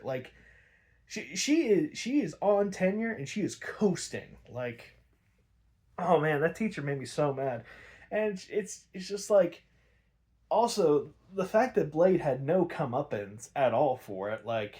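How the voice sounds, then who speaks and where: A man hosting a podcast, giving a casual, animated recap full of "like" and fillers, with some swearing. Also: a little high, measured pace. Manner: animated, chatty, frequent "like" and fillers, swears freely. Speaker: podcast host.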